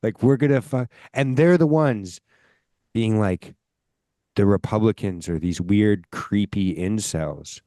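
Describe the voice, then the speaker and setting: Profane, emphatic lower-voiced man. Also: takes it slowly, dark tone, no room sound, clean studio sound. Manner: profane, emphatic, rambling storyteller. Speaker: podcast host. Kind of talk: casual political chat.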